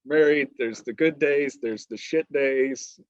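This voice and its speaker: A man's voice: medium pitch, slow pace, dry recording. A male podcast host asks questions and chats in a casual, frank manner, swearing freely. The sound is dry and close, with a dull lo-fi quality. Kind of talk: casual interview chat.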